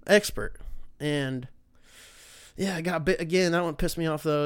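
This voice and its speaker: A young man talks through a loose solo show. He rambles, swears freely and leans on sarcasm, and his voice sits a little higher than most men's. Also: measured pace, clean tone, no room sound, clean studio sound. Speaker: podcast host. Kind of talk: casual solo commentary.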